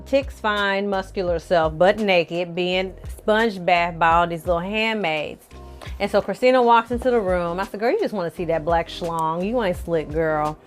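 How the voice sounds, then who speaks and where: A woman with a somewhat low voice recaps a TV episode as if gossiping with friends. She leans into slang, swears freely and calls her viewers y'all and honey. Faint music sits under her talk. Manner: lively storytelling, slangy and profane, addresses viewers as y'all and honey. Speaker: film and TV reviewer.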